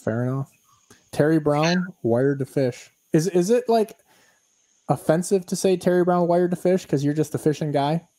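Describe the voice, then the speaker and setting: A man's voice: a little high, moderate pace, mellow, low-quality recording. A man hosting a fishing podcast, talking in a laid-back, chatty and jokey way. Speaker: podcast host. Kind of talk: casual interview chat.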